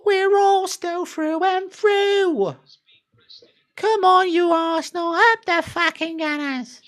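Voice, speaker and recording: A furious cockney football fan, put on by a Welsh man, yelling and swearing in a strained voice pushed far above his usual pitch. He rants about his club in an exaggerated mock London accent. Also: steady tone, slow pace, exaggerated voice. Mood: chanting. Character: angry cockney male Arsenal fan, sweary, ranting.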